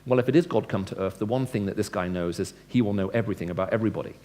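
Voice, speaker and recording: Lower-voiced man giving a conversational talk. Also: rapid-fire, dark tone. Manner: conversational, asks the audience questions; acts out dialogue with changing tone. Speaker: Christian speaker. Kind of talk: lecture-style evangelistic talk.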